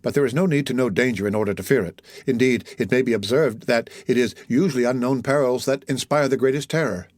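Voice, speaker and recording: A man with a mid-range voice reads a classic novel as an audiobook, telling the story in a measured, even way. The recording is clean studio sound with no room sound.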